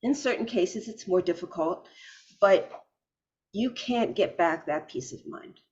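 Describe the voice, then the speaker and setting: A woman hosting an interview, speaking in a steady, affirming, reflective way. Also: fairly low pitch, unhurried, highs cut off. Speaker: podcast host. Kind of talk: conversational interview.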